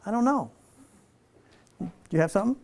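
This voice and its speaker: A man leading an informal spiritual teaching for a small group, relaxed and playful, slowing down for emphasis. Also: high voice, creaky. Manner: relaxed, playful, laughs often, slows for emphasis.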